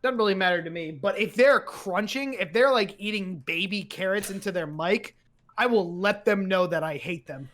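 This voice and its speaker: A man's voice: high voice, moderate pace, fairly bright tone. A man talking as a podcast guest in casual chat, joking, swearing and spinning out exaggerated riffs. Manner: jokey, profane, rambling exaggeration.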